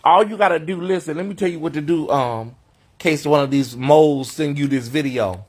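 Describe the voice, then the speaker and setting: A man's voice: fairly high pitch, a little fast. Sassy, mocking man on a livestream. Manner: sassy and mocking, calls people honey. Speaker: host of a livestream commentary show. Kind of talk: unscripted livestream commentary. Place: hotel room.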